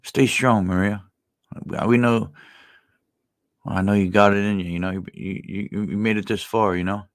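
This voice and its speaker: A man's voice: lowish voice, steady tone, moderate pace. A man hosting a live chat with viewers, talking bluntly with lots of swearing, fillers and restarts, and growing indignant. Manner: indignant, rising into outrage. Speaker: livestream host.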